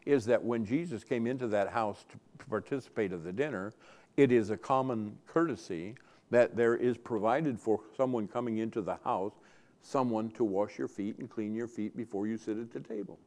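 A man preaching a sermon, earnestly repeating key phrases and swinging his loudness for emphasis. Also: mid-range voice. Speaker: pastor.

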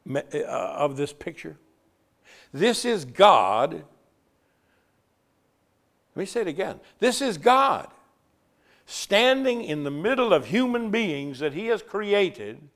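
Dynamic preaching man, loud to hushed. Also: on the high side. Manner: swings from loud emphatic preaching to soft hushed tones; stretches key words slowly for emphasis. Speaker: pastor. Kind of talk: sermon.

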